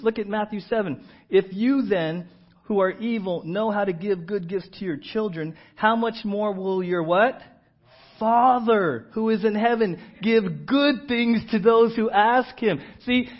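Animated high-voiced male pastor preaching. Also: a little slow. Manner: animated, swings between loud emphasis and hushed asides. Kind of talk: sermon. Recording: dull lo-fi church recording.

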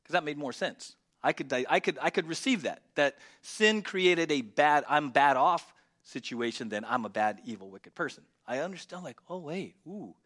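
A man in his forties preaching a conversational sermon as pastor, emphatic at times and often dropping to a low murmur. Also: fairly bright tone.

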